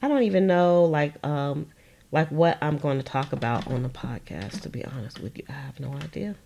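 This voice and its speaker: A woman's voice: deep voice, moderate pace, creaky, warm tone. A woman chatting casually with viewers while she makes journal pieces at a sewing machine, laughing often and addressing them as "y'all". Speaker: junk journal crafter. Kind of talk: casual crafting livestream chat. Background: sewing machine running.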